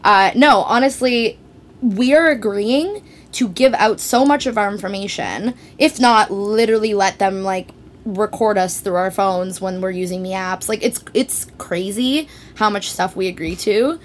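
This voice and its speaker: A woman's voice: medium pitch, a little slow, slight background noise. Chatty young woman on a podcast. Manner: chatty, jokey, laughs often. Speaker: podcast guest. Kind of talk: casual podcast chat.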